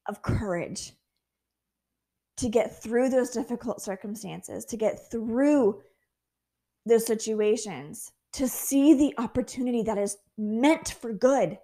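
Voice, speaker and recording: Woman, podcast host, faith-based motivational talk, earnest, encouraging, self-mocking, acts out prayers, slightly high voice. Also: warm tone. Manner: candid and self-mocking, laughs at herself.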